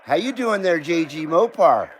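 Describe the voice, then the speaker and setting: A man's voice: fairly high pitch, very animated, normal speed, a little hiss or hum, rough recording. A man hosting a live radio-hobby stream, chatting casually and swearing freely as he greets viewers by name. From Southern California. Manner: laid-back, profane, greets viewers by name. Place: home in Carson City.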